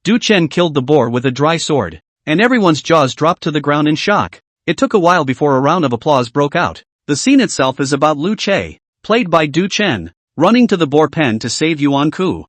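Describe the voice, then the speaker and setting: A man's voice: fairly high pitch, very animated, normal speed, hardly any pauses, no room sound. A man narrating a web comic recap, telling the story steadily with asides to viewers.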